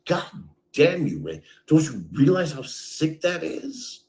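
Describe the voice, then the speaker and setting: A man's voice: fairly high pitch, very animated, slow pace, darkish tone. A man in an angry, bitter rant, accusing and swearing at someone he knows. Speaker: streamer.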